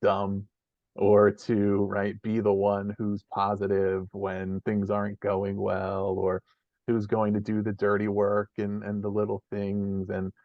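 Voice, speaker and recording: A man's voice: on the low side, completely flat delivery, slow pace, dry recording. A man hosting a podcast, reflecting aloud in long, winding sentences as he builds an idea. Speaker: podcast host. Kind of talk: conversational interview. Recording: slightly muffled lo-fi audio.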